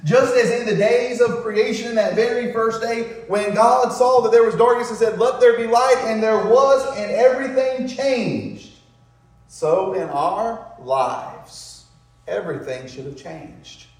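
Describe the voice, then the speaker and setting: A man with a high, unhurried voice preaches a sermon to a congregation in a church sanctuary. He draws out emphatic words and drops in rhetorical tag questions like "isn't it?" in a call-and-response style. The room is very echoey, and he sits far from the mic.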